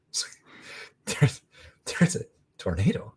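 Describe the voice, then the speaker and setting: A man, a podcast guest, telling a rambling, animated story in casual conversation. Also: fairly low pitch, moderate pace, breathy edge.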